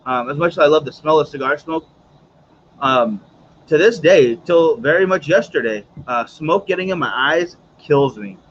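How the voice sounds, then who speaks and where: A man's voice: fairly high pitch, expressive, moderate pace, dull audio, a little hiss or hum. A man hosting a casual cigar livestream, chatty and rambling, with many fillers and asides to his viewers. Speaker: host of a cigar morning show.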